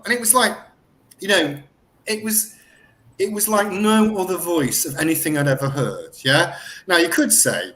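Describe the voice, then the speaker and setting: A middle-aged man telling a story as a guest in an interview, excitable and animated, often restarting his sentences. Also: sits high, normal speed. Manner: animated, excitable retelling with lots of self-corrections. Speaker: guest researcher.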